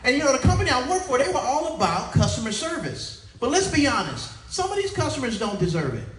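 A man's voice: very high voice, huge pitch swings, quick pace, noisy background. A middle-aged man performing a clean stand-up comedy set at a conference, doing playful crowd work and acting out voices. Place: conference hall with a live audience. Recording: echoey hall, voice from far off, crowd audible.

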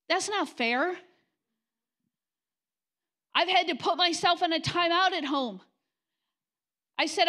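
A woman's voice: very high voice, a little slow, pauses often, sharp tone. A middle-aged woman pastor preaching a sermon in church, blunt and confrontational, acting out mocking quotes. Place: church sanctuary.

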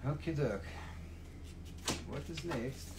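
Over very noisy audio, a middle-aged man with a mid-range voice speaks slowly but with lively intonation. He is hosting a livestream sale of rocks and minerals from a family-owned shop, chatting in a casual, profane, rambling way.

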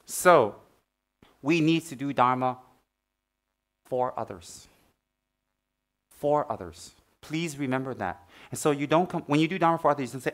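A man giving a Dharma talk as a Buddhist teacher, teasing and playful, then dropping to soft, earnest teaching. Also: medium pitch, moderate pace, long pauses.

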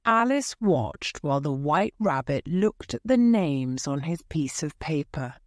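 A woman teacher reading a graded story aloud for English learners, clear and careful. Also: deep voice, expressive, unhurried, no room sound, clean studio sound. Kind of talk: slow scripted story narration for learners.

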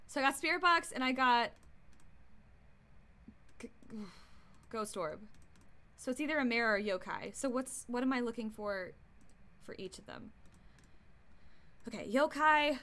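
A woman's voice: on the high side, expressive, a little slow, pauses often, sharp tone. A woman streaming a horror game, commenting live in a jumpy, easily startled way, gasping and swearing.

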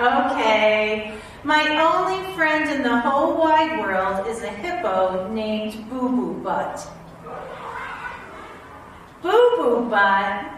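A woman principal reads a silly book aloud to her students, breaking into playful, exaggerated mock dismay. Her voice sits high and swoops widely, and she takes her time. She is heard from across a strongly echoing room, over a faint hiss. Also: fairly bright tone. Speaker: elementary school principal. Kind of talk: reading a children's book aloud. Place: school building. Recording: very echoey room, voice far from mic, faint hiss.

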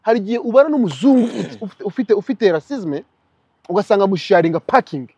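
Young Rwandan man, interview guest, rapid-fire delivery, dry close sound. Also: high-pitched, slightly rough, no echo, dull audio. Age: young adult. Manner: animated, switches into mimicked English voices. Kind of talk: casual interview.

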